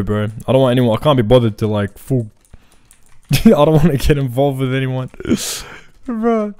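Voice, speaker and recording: A young man giving casual, excitable gameplay commentary full of slang. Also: medium pitch, no echo. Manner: excitable, slangy, says "bro" constantly. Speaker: gaming video creator.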